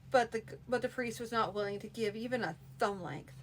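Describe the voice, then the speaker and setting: Woman reading a story aloud, slightly high voice. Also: a little fast, hardly any pauses, a little hiss or hum, poor audio. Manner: steady reading with frequent restarts. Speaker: narrator. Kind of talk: audiobook reading, live-streamed.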